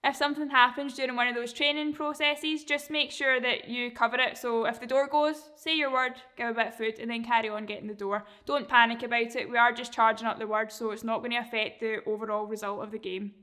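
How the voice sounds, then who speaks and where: A woman dog trainer explaining a training method in a relaxed, chatty way, sometimes acting out how a dog reacts. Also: on the high side, brisk, hardly any pauses. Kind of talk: casual instruction.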